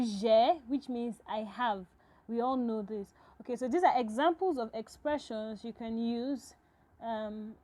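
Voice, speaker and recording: A woman with a fairly high voice walks absent students through a recorded French lesson. She talks patiently and repeats each phrase slowly. She often checks in with a quick "okay?". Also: mellow, poor audio. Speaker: French teacher.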